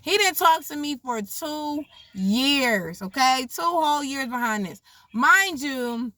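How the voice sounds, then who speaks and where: A young woman telling a story casually, animated and profane, acting out the voices of the people in it. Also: high voice, slow pace, dry recording.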